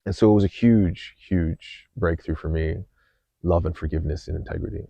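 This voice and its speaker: A man with a very deep, gravelly voice hosts a podcast and tells a personal story in an earnest, unhurried way. He often restarts his sentences and fills pauses. The recording is dry and a little dull. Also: dark tone, no echo. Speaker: podcast host. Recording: slightly dull dry sound.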